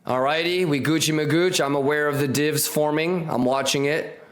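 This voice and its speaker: A man's voice: fairly high pitch, fairly even intonation, moderate pace. Hyped slangy male trading streamer. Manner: hyped, slangy, repeats catchphrases, addresses viewers directly. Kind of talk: live trading stream commentary.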